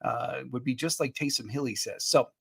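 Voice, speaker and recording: Speaking at a medium pitch with a creaky, somewhat bright voice and a breathy edge, a man hosts a sports podcast streamed live. Chuckling often, he works through his picks, reads viewer comments, and drops quick upbeat remarks to the audience. The studio-quality audio has no room sound.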